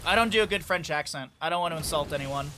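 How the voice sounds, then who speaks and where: A man commentating a live esports match with a bright, forceful voice pitched a little high. He calls the action quickly, breaks into excited outbursts and drifts into rambling side chatter. A faint hiss of noise sits under him. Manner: excitable, rambling asides between fast play-by-play; chatty, talks directly to chat. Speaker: esports caster.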